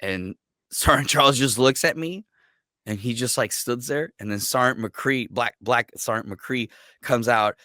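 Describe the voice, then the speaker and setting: A man who is a military veteran, guest on a podcast, telling stories in a casual, profane, animated way and acting out what others said. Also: mid-range voice, a little slow, no room sound, clean studio sound. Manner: profane, animated storyteller who acts out quotes. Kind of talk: casual storytelling.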